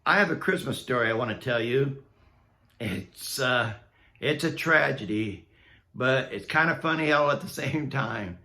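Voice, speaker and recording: A man's voice: medium pitch, unhurried, pushed and bright. A man vlogging a personal story in a casual, candid way, laughing at himself as he goes. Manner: candid and self-mocking, laughing at his own misery.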